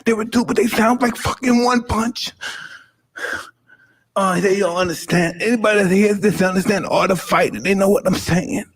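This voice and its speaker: Man, 50s, husky voice, raw emotional and profane, stumbles over words, pitched a bit high. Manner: intense, profane, halting, fervent. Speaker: podcast host. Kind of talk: emotional casual conversation.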